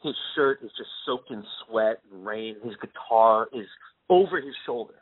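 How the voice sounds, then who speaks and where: A man chats as an interview guest, telling an animated story and slipping into the voices of the people in it. His voice sounds breathy and a little rough. The sound comes through a narrow, tinny line like a phone call. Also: mid-range voice, normal speed, no room sound. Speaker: guest musician.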